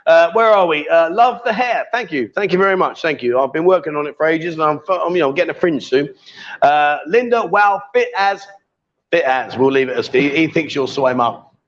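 A man's voice: on the high side, animated, brisk, lo-fi sound. A man hosting a casual live stream, teasing and joking as he reads out viewer comments. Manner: jokey, teasing, coaxing. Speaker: livestream host.

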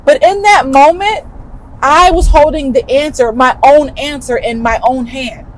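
On a low-quality recording, a woman podcast host tells a personal story with animated, emphatic chattiness. Her voice sits somewhat high for a woman.

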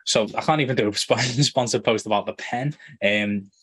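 A man co-hosting a podcast in casual chat, animated and peppering his speech with "like". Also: medium pitch, moderate pace, breathy edge. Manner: animated, full of "like", swears casually. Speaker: podcast co-host.

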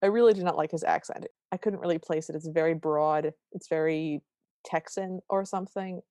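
A woman co-hosting a podcast, recapping a movie in wry, quick, casual chat. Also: low-pitched, steady tone, warm tone, no room sound. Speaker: podcast co-host.

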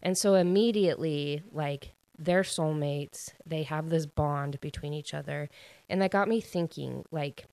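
Low-voiced, chatty young woman. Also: unhurried, a little mellow, dry recording. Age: young adult. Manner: chatty, filler-heavy, rambling. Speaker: book reviewer. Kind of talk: casual chat.

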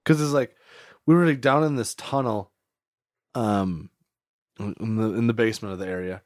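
A man's voice: on the low side, moderate pace, no room sound, studio quality. A man co-hosting a podcast, telling a story in a rambling way with many "like"s and frequent laughter. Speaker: podcast co-host. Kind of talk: casual storytelling chat.

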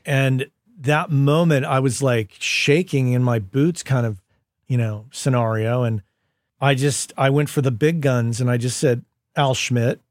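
A man's voice: medium pitch, a little slow, dry recording, studio quality. Podcast host man telling stories. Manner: storytelling, animated when quoting people. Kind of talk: casual conversation.

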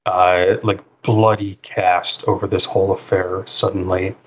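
A man narrating a tabletop role-playing game as game master, in a relaxed way with many fillers. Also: deep voice, measured pace, slight background noise. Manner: relaxed, filler-heavy narration with frequent ums and likes.

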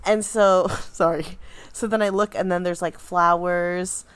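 A woman's voice: lowish voice, steady tone, unhurried, crowd noise. Chatty woman eager to tell her side. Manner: chatty, interrupts to take over the story. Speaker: guest, host's fiancée. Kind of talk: casual chat.

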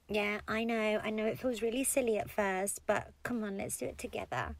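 A woman's voice: mid-range voice, steady tone, normal speed, vocal fry, few pauses, no room sound. A woman in a whispered role-play as a comforting partner, tender and coaxing, often giggling and dropping into whispers.

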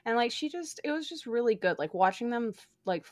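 A young woman with a lilt, talking in a casual, gushing ramble full of "like" and the odd curse. Her voice sits a little high, and the recording is close and dry with no room sound. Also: expressive, brisk, no echo. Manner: gushing, swears freely, many fillers. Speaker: podcast co-host reviewing a book. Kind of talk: casual chat.

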